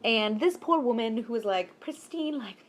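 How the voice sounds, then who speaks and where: A woman vlogger telling a childhood story in casual, animated and jokey storytime narration. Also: a little high, moderate pace, a little hiss or hum.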